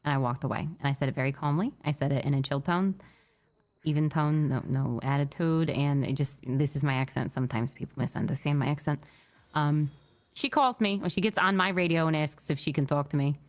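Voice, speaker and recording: A woman playing a state trooper in a roleplay, telling what happened in an upset but measured way, with many fillers and restarts. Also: deep voice. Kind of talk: in-character roleplay briefing.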